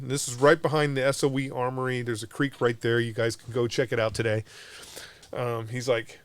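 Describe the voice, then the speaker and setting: A middle-aged Marine veteran from Southern California hosting a podcast, telling a story casually, blunt and profane, with frequent restarts. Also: male voice, mid-range voice, level tone, brisk, dry recording. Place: podcast studio.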